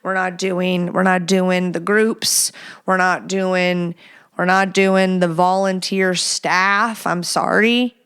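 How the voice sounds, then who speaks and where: A woman's voice: fairly low pitch, flat delivery, slow, fairly bright tone, clear, resonant tone. A woman in her thirties talks through a casual solo podcast from her home. Her talk is loose and rambling, full of self-mocking asides. Now and then she drops to a whisper. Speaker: podcast host.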